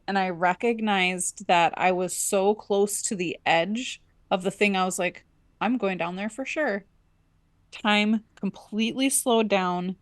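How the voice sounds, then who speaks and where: Woman podcast host telling a wild story, lively, jumps up high for the voices she quotes, dry close sound. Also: no room sound. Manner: animated storyteller, acts out her own inner voice and dialogue. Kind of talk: casual storytelling chat.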